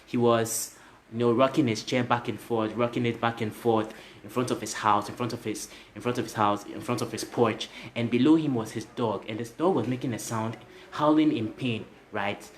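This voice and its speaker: With a little hiss or hum in the background, a man speaks at normal speed in a medium-pitched, fairly even voice. He's a motivational speaker recounting a story to livestream viewers, addressing them directly, repeating himself and finishing lines with "right?".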